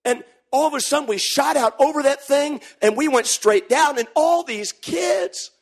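A middle-aged man preaching a sermon, moving between quiet storytelling and loud, animated shouting. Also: very high-pitched, normal speed. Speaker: pastor.

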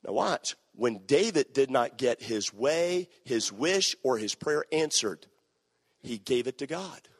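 A man's voice: medium pitch, animated, takes it slowly, slightly rough, big-room sound. A man preaching a sermon, emphatic and repeating his key phrases.

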